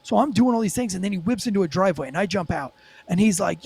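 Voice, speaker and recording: Man, high voice, podcast guest, animated storytelling, profane, lots of fillers. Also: fast, creaky, slightly rough. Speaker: former police officer and podcast guest. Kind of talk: storytelling in a casual podcast interview.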